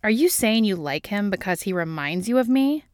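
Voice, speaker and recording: A woman's voice: mid-range voice, animated, normal speed, no room sound, clean studio sound, natural voice. A woman doing a pouty, jealous man. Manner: whiny, teasing, sing-song.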